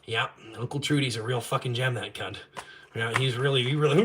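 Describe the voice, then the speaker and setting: A man's voice: medium pitch, fairly even intonation, brisk, a bit bright. A man ranting on his live stream, crude and mocking, swearing constantly. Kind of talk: casual profane rant on a live stream.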